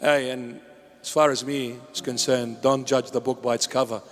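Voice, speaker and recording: A man's voice: mid-range voice, level tone, normal speed. A man preaching a sermon as a bishop, impassioned and pleading, with joking asides. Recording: long hall reverb with faint music.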